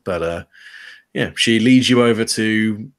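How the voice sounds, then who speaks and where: A man's voice: fairly low pitch, a little slow. A man narrating a tabletop game as game master, loose and rambling. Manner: loose, rambling, full of fillers and restarts.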